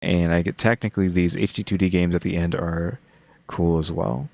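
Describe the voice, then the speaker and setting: A young man hosting his own channel, giving laid-back, monotone reaction commentary. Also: sits low, moderate pace, vocal fry, no room sound. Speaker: channel host reacting to a game showcase.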